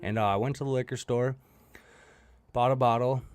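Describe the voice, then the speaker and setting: A man's voice: medium pitch, steady tone, moderate pace, smooth, dry recording. A young man telling his recovery story bluntly, swearing often and laughing at himself. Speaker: guest sharing recovery story. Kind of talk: candid storytelling.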